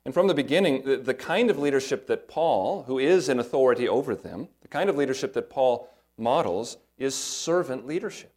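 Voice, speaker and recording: A pastor delivers an earnest, emphatic sermon. His voice sits at an ordinary middle pitch for a man, and he leans on rhetorical questions to draw the congregation in. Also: expressive, brisk, few pauses, a little mellow.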